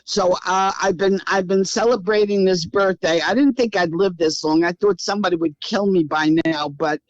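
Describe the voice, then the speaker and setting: A woman's voice: on the low side, fairly even intonation, moderate pace, no room sound, highs cut off. A woman in her eighties with a Brooklyn accent, speaking as a guest in a casual interview from her house. She talks in a brassy, wisecracking, blunt way. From Brooklyn, New York. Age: 80s. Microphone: remote call.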